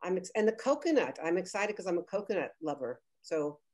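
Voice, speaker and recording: Woman guest judge, effusive, rambling, lower register. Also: big pitch swings, a little fast, a little mellow. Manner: gushing, rambling, restarts often. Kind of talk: casual judging on a video call. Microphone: video call.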